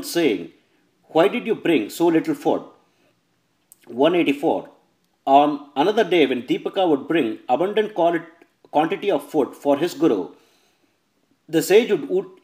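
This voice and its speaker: A man with a somewhat high voice reads a devotional scripture translation verse by verse. He calls out each verse number and keeps a measured, even delivery, now and then fixing a slipped word. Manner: measured, announces verse numbers, occasional self-corrections.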